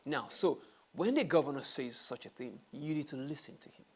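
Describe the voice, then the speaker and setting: A man's voice: a little high, lively intonation, normal speed, slightly rough. A man hosting a talk show, delivering an earnest monologue that repeats its key phrases and sinks to a whisper for emphasis. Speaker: host.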